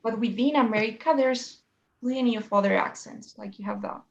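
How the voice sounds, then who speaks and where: A woman's voice: fairly high pitch, moderate pace, lo-fi sound, a little hiss or hum. A woman teaching a one-on-one English lesson, explaining in a chatty way and often checking with "right?" and "you know?".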